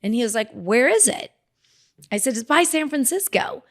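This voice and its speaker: Woman in her 40s-50s chatting on a podcast, animated, does little voices for people in her story. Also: high-pitched, normal speed. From Southern California. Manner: animated, acts out quoted voices. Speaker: dermatologist guest. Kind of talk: casual interview storytelling.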